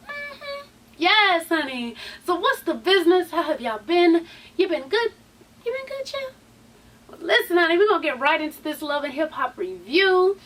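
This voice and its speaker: A woman's voice: extremely high pitch, big pitch swings, normal speed, fairly bright tone, far from the mic. Sassy woman chatting in a recap vlog. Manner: chatty and sassy, swears freely, says "honey" and "sweeties" a lot. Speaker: YouTube TV show recap host. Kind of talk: casual reality TV recap vlog.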